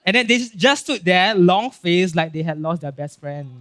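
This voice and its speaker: With a Singaporean English accent and a high-pitched voice, a male pastor gives a casual, animated sermon at a moderate pace with few pauses. He acts out Bible scenes, and his talk is filler-heavy, with frequent check-ins of "right?" and "okay?".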